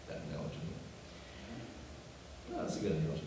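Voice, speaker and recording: A man's voice: on the low side, lively intonation, a little slow, darkish tone, slight background noise. A man, a pastor, preaching a sermon in a conversational way, with joking asides to his congregation. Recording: echoey hall from far off.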